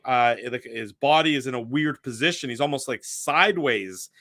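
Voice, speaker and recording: A man co-hosting a hockey post-game podcast, talking through each goal in a steady recap. His pitch sits in the middle range and he leans on fillers as he walks through the play. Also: normal speed, dry recording.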